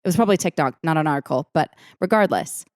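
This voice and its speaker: A woman's voice: low voice, lively intonation, quick pace, no room sound, studio quality. Chatty young woman with a Valley girl lilt. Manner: chatty, self-deprecating, rambling tangents. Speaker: podcast host. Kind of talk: casual solo podcast chat.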